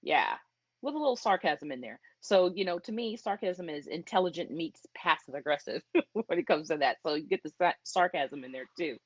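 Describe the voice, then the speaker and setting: A woman speaking at a church event about marriage communication, talking conversationally and acting out quoted spouses in lively asides. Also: lowish voice, a little fast, no echo, muffled recording.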